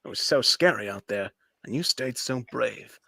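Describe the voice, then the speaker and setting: Brief: man putting on a heroic cartoon rabbit hero, low and earnest, soft delivery. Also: animated, moderate pace, gravelly, no echo. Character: heroic male cartoon rabbit superhero, brave and kind.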